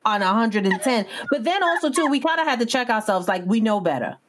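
Lively New woman telling a story. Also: a little high, a little fast, slight background noise. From New York. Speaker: podcast co-host. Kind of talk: casual podcast storytelling.

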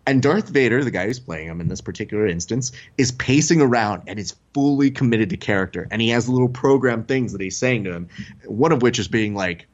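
This young adult man, a podcast host, narrates a story casually and animatedly imitates the people he quotes. He speaks at medium pitch and a little fast, with the highs cut off in the recording.

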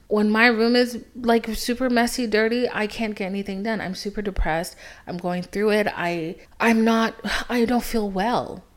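Young woman, podcast host, casual dramatic storyteller, drops swear words, swings from loud to whispered asides. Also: mid-range voice. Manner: swears freely.

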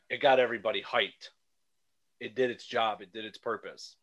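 A man co-hosting a podcast, talking in an animated, rambling way with frequent restarts. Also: lowish voice, moderate pace, muffled recording. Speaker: podcast co-host. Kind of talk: casual chat.

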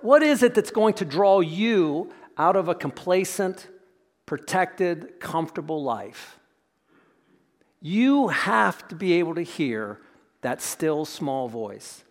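A man preaching a sermon as pastor in a church, reflective and often sinking into a soft hush. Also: high-pitched. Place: church sanctuary. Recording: long church reverb.

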